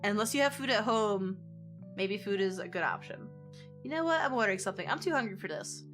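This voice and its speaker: A woman's voice: mid-range voice, lively intonation, fairly quick, a bit bright. A woman casually commenting on a dating game and reading its dialogue aloud, chatty and joking, laughing often. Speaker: gamer playing a dating sim. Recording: music playing behind the voice.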